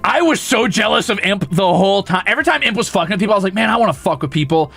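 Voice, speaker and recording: A man's voice: high-pitched, animated, rapid-fire, vocal fry, a bit bright, breathy edge, soft background music. A young man chatting casually on a stream, rowdy and mischievous, swearing often and laughing a lot.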